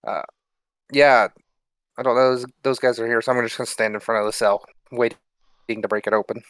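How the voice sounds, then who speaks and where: A man's voice: mid-range voice, steady tone, brisk, a bit bright, clear, resonant tone, dry recording. A man playing a tabletop game, talking casually with hesitant ums and uhs. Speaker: player. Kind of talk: casual chat.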